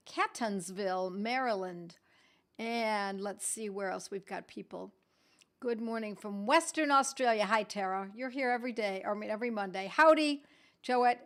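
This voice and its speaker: A woman's voice: mid-range voice, fairly bright tone. A middle-aged woman hosting a weekly live stream, chatting casually and reading out viewers' greetings with a laugh.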